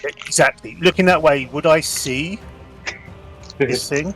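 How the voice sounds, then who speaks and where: A man's voice: a little high, unhurried. Guy in a tabletop game asking lots of careful questions, faint music behind. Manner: asks careful questions about the scene. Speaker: player. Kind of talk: casual tabletop game chat.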